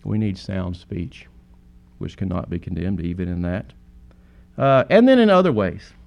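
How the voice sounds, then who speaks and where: A man's voice: low-pitched, expressive, normal speed, gravelly, darkish tone. A man preaching a sermon in an earnest way, with sudden emphatic peaks.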